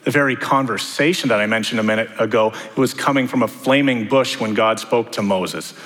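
A man's voice: medium pitch, a little fast, fairly bright tone. A man preaching a sermon, talking to the congregation in a conversational way with many rhetorical questions. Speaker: pastor. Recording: long hall reverb.

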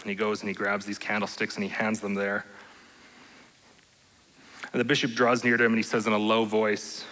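A male pastor preaches in an earnest, steady way, often tagging his points with a questioning "right?". His voice is bright and forceful. It rings out with a long reverb through the sanctuary. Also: lowish voice, moderate pace, pauses often. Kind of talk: sermon. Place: church sanctuary.

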